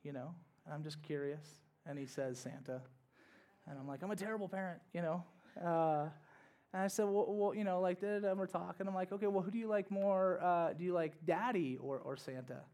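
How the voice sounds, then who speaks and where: A man's voice: high-pitched, fairly quick, a little mellow. A young man, a pastor, giving a conversational sermon with casual asides and rising bursts of energy.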